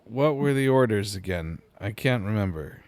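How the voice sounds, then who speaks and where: A man's voice: lowish voice, lively intonation, normal speed, darkish tone, no echo, natural voice. A man voicing a dazed, flustered male guard captain who stammers and hesitates. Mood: confused. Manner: hesitant, stammering, many fillers.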